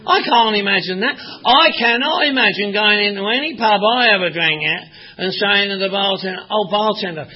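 A man's voice: sits high, lively intonation, normal speed, hardly any pauses, slightly rough. A man from Northwest London with a London accent, speaking at a recovery meeting and giving a wry, profane personal testimony full of repetition. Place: meeting room with an audience. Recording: dull lo-fi recording, faint audience.

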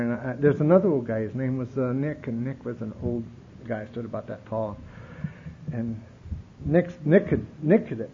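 Man, recovery-meeting testimony, rambling and repetitive, wry humor, muffled recording, faint rumble. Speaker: speaker sharing at a recovery meeting.

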